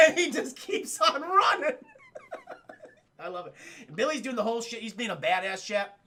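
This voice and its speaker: A man's voice: very high voice, expressive, normal speed, long pauses, sharp tone, a little hiss or hum. A man recapping a film scene by scene for his live chat, laughing, swearing and acting out the characters' lines. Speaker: streamer reviewing a film.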